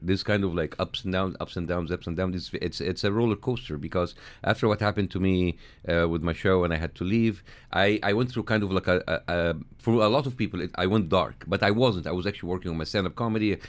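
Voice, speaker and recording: Halting, deep-voiced middle-aged guest. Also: male voice. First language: Arabic. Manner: halting, repeats words, laughs easily. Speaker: studio guest. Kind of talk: conversational interview. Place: radio studio.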